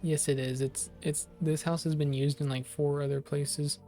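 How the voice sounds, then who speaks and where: A gameplay streamer giving casual commentary, reacting out loud and swearing as they play. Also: medium pitch, flat delivery, moderate pace. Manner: swears casually and reacts out loud, reads the game text aloud. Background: faint game music.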